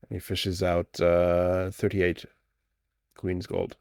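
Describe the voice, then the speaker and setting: A man running a tabletop role-playing game as game master, narrating in a halting way with many restarts and laughs. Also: sits low, level tone, a little mellow, dry recording, studio quality.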